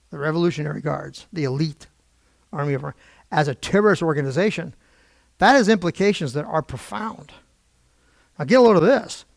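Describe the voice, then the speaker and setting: A middle-aged man teaching a Bible prophecy class in an animated, digressive way, with frequent exclamations. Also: a little high, creaky, no room sound, clean studio sound. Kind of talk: informal Bible lesson.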